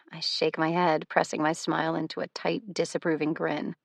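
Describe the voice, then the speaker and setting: A woman reading a first-person novel aloud as an audiobook narrator, in a wry, measured storytelling manner. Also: deep voice, little pitch movement, gravelly, no room sound.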